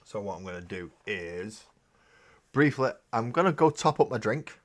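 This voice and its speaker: A man's voice: lowish voice, expressive, normal speed. A man hosting a casual live stream while painting miniatures, rambling and joking, with casual swearing. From Britain. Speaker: streaming hobby host.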